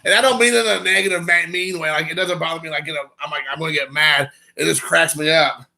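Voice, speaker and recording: A man's voice: fairly high pitch, steady tone, fast talker, vocal fry, pushed and bright. A man, hosting a rambling, joking live stream and chatting with viewers. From Kentucky. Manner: rambling, joking, reading chat aloud.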